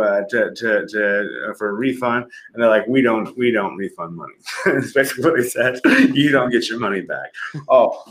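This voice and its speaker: A man's voice: medium pitch, fairly bright tone, a little hiss or hum. A middle-aged man, a podcast guest, telling candid and profane personal stories in a casual conversation, laughing often. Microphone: livestream podcast mic.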